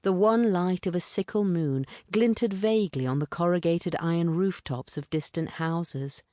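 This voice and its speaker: A woman reading literary fiction aloud as an audiobook narrator, in a measured, even way. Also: fairly low pitch, no echo, clean studio sound.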